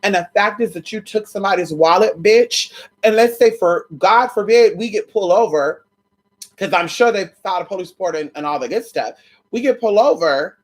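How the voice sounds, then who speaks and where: A woman telling a story in a casual vlog, sassy and animated, with heavy swearing. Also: medium pitch, fairly quick. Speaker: vlogger.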